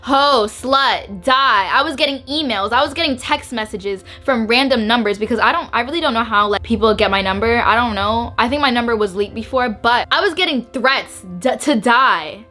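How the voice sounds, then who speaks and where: A young woman with a fairly high voice tells a personal story straight to her viewers. She is bubbly and emphatic, leaning on repeats and a steady stream of "like". Soft music plays faintly behind her. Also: moderate pace, few pauses. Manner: bubbly, emphatic, repeats words and says "like" a lot. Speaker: YouTuber. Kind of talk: emotional storytime to camera.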